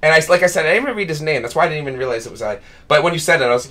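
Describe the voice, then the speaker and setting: Young male streamer, slightly high and bright, rambling casual chat. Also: expressive, racing, hardly any pauses. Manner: rambling, laughs often, many fillers like "like". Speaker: gaming streamer.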